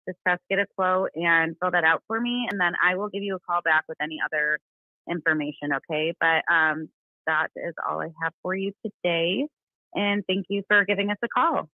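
A woman's voice: on the low side, moderate pace, dry recording. A woman answering a business phone, polite and hesitant, with many fillers. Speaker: receptionist. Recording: tinny phone line.

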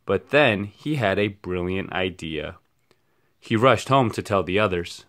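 A man reading a picture book aloud for children at a steady, expressive pace. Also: low-pitched, a little slow. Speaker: storyteller. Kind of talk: children's read-aloud storytime.

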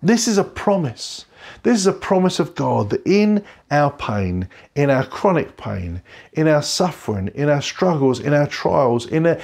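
Earnest middle-aged male pastor, gravelly. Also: a little high, a little mellow. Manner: earnest, repeats phrases for emphasis. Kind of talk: online sermon. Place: home bedroom.

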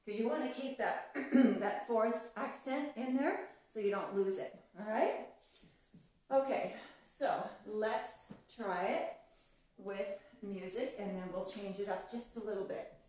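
This woman teaches a live online belly dance lesson, chatty and encouraging as she counts the steps out loud. Her voice is medium-pitched, a little mellow, and measured in pace. The room is echoey, she sounds far from the mic, and music plays faintly.

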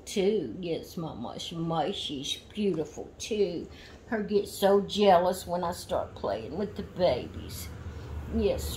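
A woman chats through an unboxing video at an unhurried, slow pace. She keeps slipping into cooing baby talk when she speaks to her dolls. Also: on the high side. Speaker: doll collector vlogger.

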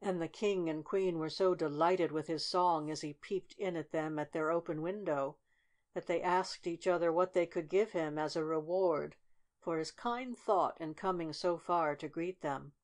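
A woman narrating a fairy tale audiobook in a steady, measured storytelling manner. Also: sits low.

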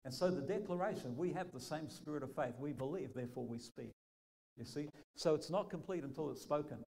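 Man, New Zealand accent, pastor, sermon, storytelling, animated quoting. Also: fairly high pitch, fairly quick, gravelly, rough recording. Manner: lively storytelling preacher, acts out quotes.

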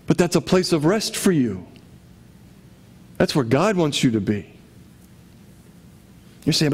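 A man's voice: fairly high pitch, lively intonation, a little slow, pauses often, darkish tone. A man preaching a sermon to his congregation in a conversational way, often asking rhetorical questions. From Connecticut. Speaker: pastor.

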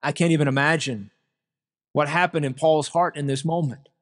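Pastor, male, earnest sermon delivery, fairly high voice, long church reverb. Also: fairly even intonation, moderate pace. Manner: earnest preaching, addresses congregation as brothers and sisters. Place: church sanctuary.

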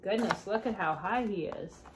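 A woman's voice: mid-range voice, moderate pace, background noise. Lady reading a kids' picture book, chatting about the pictures between pages. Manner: chatty asides to young listeners about the pictures. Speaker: storybook reader. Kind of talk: children's picture book read-aloud.

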